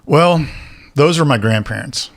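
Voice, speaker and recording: This podcast co-host has a slightly high, gravelly voice and takes his time as he spins a story in casual chat. He's an animated storyteller who performs the quoted voices of his characters.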